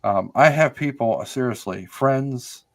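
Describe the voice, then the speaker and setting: An older American man chats as a guest on a podcast in an easy, meandering way. His voice sits at a middle pitch, and he often stops and restarts mid-thought, filling the pauses with ums and uhs. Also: vocal fry. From United States. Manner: rambling, many fillers and restarts. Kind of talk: casual conversational storytelling.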